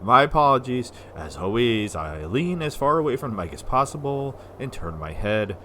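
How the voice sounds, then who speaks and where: A man from the United States giving casual, rambling let's-play commentary as a gaming video host, sometimes slurring syllables when excited. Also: medium pitch, moderate pace, a little hiss or hum. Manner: rambling, chatty, self-deprecating.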